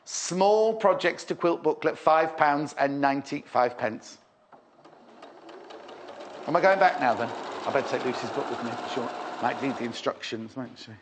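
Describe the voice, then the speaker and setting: A man from Merseyside, England, presents a live shopping show in an animated, medium-pitched voice at normal speed, with background noise behind him. He gushes over the products, repeats himself, and teases his guest in chatty sales banter.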